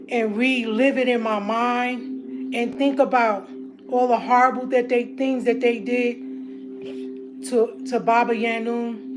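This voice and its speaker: A high-pitched woman speaks slowly and bluntly, lecturing her audience in an upset, confrontational rant. She keeps stopping to clear her throat as she tries to calm herself. Music plays clearly behind her voice. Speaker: online commentator. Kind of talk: angry monologue to viewers.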